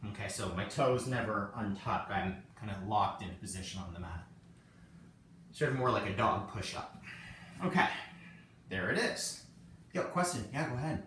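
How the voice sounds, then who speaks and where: A man's voice: lowish voice, expressive, normal speed, long pauses, a bit bright. A man teaching a casual live-streamed yoga class, chatty and joking at himself as he cues poses. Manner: chatty and self-joking, laughs often. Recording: echoey room, distant mic, faint noise.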